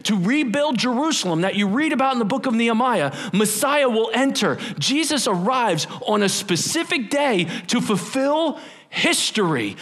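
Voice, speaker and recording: A male pastor preaching a sermon, animated and storytelling, acting out the scenes as he goes. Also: very high voice, unhurried.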